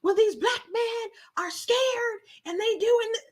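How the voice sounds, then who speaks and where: A woman imitating an agitated young woman at a riot, shouting shrilly and half laughing. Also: extremely high pitch, slow pace, pitched above the performer's own voice. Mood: shrill, agitated.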